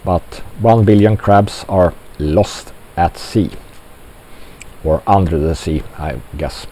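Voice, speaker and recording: Slow, mellow-voiced man rambling on. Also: low-pitched, slight background noise, rough recording. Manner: slow, halting delivery with many fillers. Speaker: commentator. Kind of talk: rambling monologue commentary.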